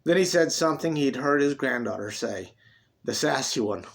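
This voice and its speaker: A man reading his own dramatic story aloud, expressive and swinging between loud and hushed delivery. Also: medium pitch, moderate pace, vocal fry, slight background noise.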